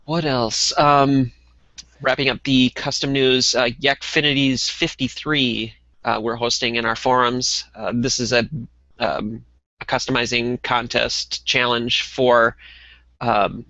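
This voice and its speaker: A man co-hosting a casual hobby podcast, talking in a relaxed way with lots of ums and uhs. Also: mid-range voice, takes it slowly, no echo, muffled recording. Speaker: podcast co-host.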